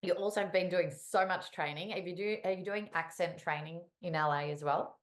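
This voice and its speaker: A woman hosting a podcast interview, enthusiastic and quick to laugh as she asks questions. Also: lowish voice. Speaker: podcast host. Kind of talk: casual interview chat.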